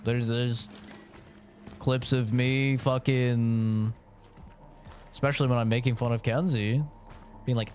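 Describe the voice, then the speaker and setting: A man's voice: medium pitch, steady tone, slow pace, pauses often, darkish tone, soft background music. A man streaming a game, chatting in a rambling, casual way full of fillers. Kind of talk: live-stream gaming commentary.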